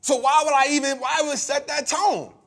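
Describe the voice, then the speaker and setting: A man's voice: very high-pitched, steady tone, brisk, creaky, a bit bright. A man hosting a podcast, giving a preachy, emphatic motivational finance talk full of repetition and casual street slang. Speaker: podcast host.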